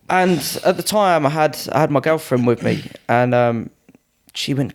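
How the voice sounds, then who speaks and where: Lively young man telling stories. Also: medium pitch, fairly quick. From United Kingdom. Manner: lively, acts out quoted people in a raised voice. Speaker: podcast guest, Muay Thai fighter. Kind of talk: casual anecdotal storytelling.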